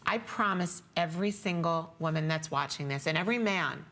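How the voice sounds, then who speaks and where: A woman on a shopping channel giving a sentimental, repetitive sales pitch for jewelry, tearing up as she talks. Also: brisk, fairly bright tone. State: teary. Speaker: jewelry designer and shopping show guest.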